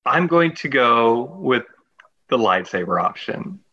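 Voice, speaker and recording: A man chatting casually on a podcast, relaxed and keen on pop culture. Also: medium pitch, measured pace, slightly rough. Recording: dull lo-fi sound.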